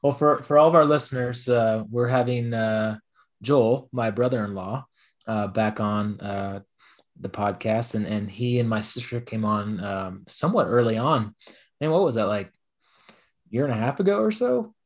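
A man hosting a casual podcast, rambling through his thoughts and pausing often. His voice sits on the low side. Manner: rambling, many fillers and restarts. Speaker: podcast host. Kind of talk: casual chat.

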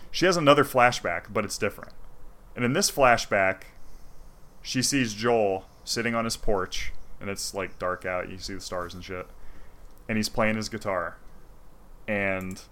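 A man in casual chat, retelling a game's story in an animated, profane way. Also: on the low side, unhurried. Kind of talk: casual chat retelling a video game plot.

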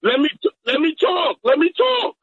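Sex: man. Role: call-in caller. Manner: persistent, stammering. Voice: very high. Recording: dull, lo-fi phone line. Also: very animated, moderate pace, no echo. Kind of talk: call-in argument.

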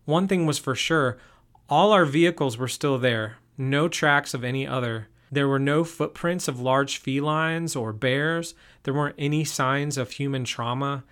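A man narrating a first-person story in an even, steady reading voice. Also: medium pitch, measured pace, clean tone.

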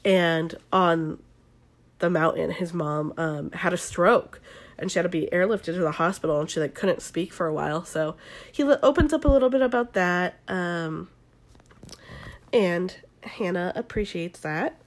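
A woman's voice: fairly low pitch, unhurried. A young woman with a Southern Californian accent, sick with the flu, recapping a reality show on her podcast in a chatty, swearing style full of likes and ums. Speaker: podcast host.

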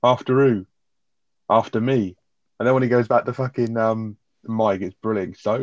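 A man in a casual chat about a sitcom episode, quick and full of fillers, swearing as he retells scenes. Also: on the low side, fairly even intonation, dry recording. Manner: rapid, full of fillers like 'like', swears, quotes characters. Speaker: podcast co-host. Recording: dull lo-fi dry sound.

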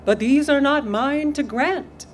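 A woman voicing the poem itself as a calm, dry, slightly patronizing speaker, within a live poetry reading. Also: sits high, measured pace, a little hiss or hum, voice pushed up. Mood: wry.

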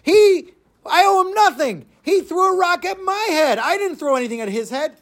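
A man playing an indignant adult male traveler who protests loudly at injustice. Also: sits high, animated, normal speed. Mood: outraged. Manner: shouting, outraged protests.

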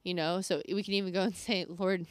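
A young woman co-hosting a faith podcast, talking in a chatty, animated way with lots of fillers. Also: on the low side, quick pace, dry recording. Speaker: podcast co-host. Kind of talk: casual faith chat.

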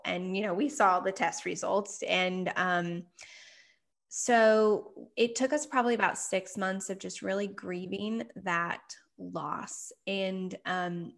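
A woman's voice: mid-range voice, slow pace, gravelly. Earnest woman telling a personal story. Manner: earnest, animated storytelling, acts out quotes. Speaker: guest, parenting author.

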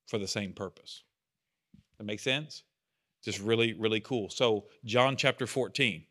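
A man's voice: on the low side, normal speed, a bit bright. A man leading a Bible study group, teaching casually and with enthusiasm, often asking the group questions.

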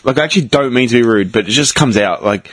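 Husky man, laughing storyteller. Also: medium pitch, fast talker. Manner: laughs often while telling stories. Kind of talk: casual storytelling chat.

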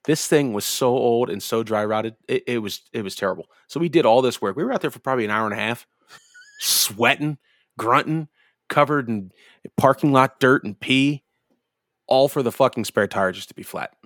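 A man's voice: mid-range voice, normal speed, a bit bright, no echo, studio quality. A man co-hosting a podcast, telling a rambling, profane story in casual chat. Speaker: podcast co-host.

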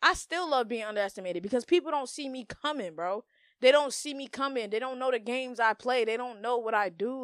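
A woman's voice: on the high side, a bit bright, no echo, clean studio sound. A young woman hosting a podcast, giving blunt, profane, emphatic advice in slangy casual talk. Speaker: podcast host. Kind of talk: casual monologue.

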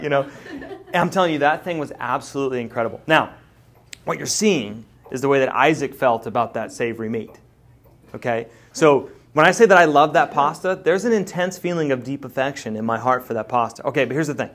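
A man, preaching a sermon in a relaxed, joking, storytelling way. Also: a little high, brisk. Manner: conversational and storytelling, with lively jokes and asides. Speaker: pastor.

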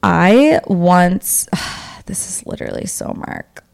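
A woman's voice: on the low side, wildly swooping pitch, slow, creaky, a little mellow. A young woman co-hosting a podcast, chatting casually and animatedly with lots of fillers. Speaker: podcast co-host. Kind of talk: casual chat.

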